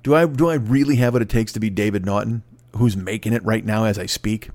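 A man hosting his podcast alone from home, rambling quickly with plenty of swearing, cracking himself up. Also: fairly low pitch, a little mellow, dry recording. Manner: rambling, profane, fast-talking and self-amused. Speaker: podcast host. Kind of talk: solo casual monologue. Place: home recording setup. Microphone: close mic.

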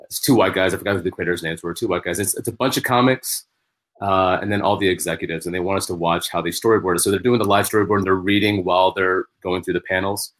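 Fast-talking male comedian, low voice. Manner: animated storyteller, many restarts. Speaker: guest comedian. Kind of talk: casual podcast chat.

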